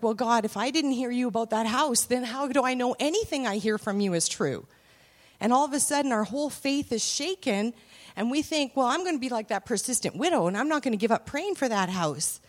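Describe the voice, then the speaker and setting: A woman preaching a sermon in a conversational way, mixing scripture with family anecdotes and rising to emphatic peaks. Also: on the high side.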